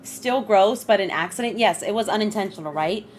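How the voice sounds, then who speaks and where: A woman's voice: brisk, faint music behind. A young woman streaming a game, chatting casually with viewers and greeting them by name. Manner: chatty, greets chat, bursts of high laughter. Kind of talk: casual live-stream chat.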